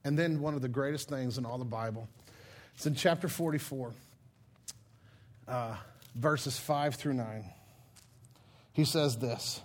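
A man preaching a sermon, retelling a Bible story in a lively, casual way and acting out the characters' lines. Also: on the high side, measured pace, pauses often.

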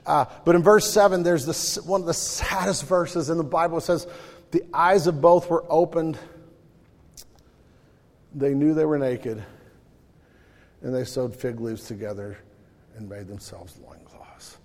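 A pastor delivers an animated sermon in a church, his voice sitting a little high and talking casually to the congregation. Long reverb from the hall trails behind every phrase. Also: a little slow, pauses often. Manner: conversational, animated, acts out voices in his stories.

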